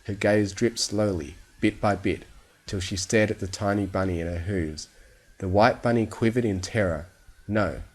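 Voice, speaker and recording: A man with a somewhat low voice reading a story aloud for sleep. His delivery is calm and steady, made for lulling listeners to rest. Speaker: fan fiction reader.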